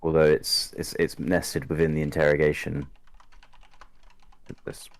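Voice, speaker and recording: A man with a very deep voice plays a tabletop game. He hesitates with many ums and pauses. The close, dry mic has no room echo. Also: level tone, gravelly. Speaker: player. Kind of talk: playing a tabletop game over a call.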